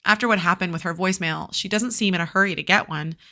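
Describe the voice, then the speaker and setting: A woman's voice: fairly low pitch, fast talker, pushed and bright. A woman reading a novel aloud to a class, breaking off into casual, chatty commentary full of fillers.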